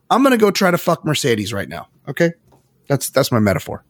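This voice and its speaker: A middle-aged man co-hosting a podcast, telling stories in a lively, animated way and acting out the quotes. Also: fairly high pitch, a little fast. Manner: animated storyteller, acts out quotes. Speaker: podcast co-host. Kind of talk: casual chat.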